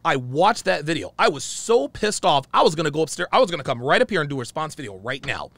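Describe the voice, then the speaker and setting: A man's voice: on the high side, sing-song, quick pace, fairly bright tone, dry recording. A man telling a heated story in a profane monologue, acting out the dialogue he quotes. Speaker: channel host.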